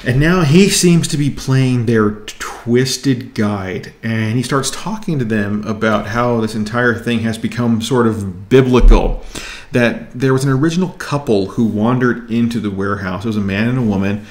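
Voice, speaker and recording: Excited man reviewing comics in a roomy space. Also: medium pitch. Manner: enthusiastic, excitable. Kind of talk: casual review vlog.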